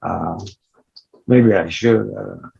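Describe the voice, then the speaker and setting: Gravelly, halting older man. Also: mellow, highs cut off. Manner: halting, low-key, many pauses. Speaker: guest actor. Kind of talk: casual interview chat.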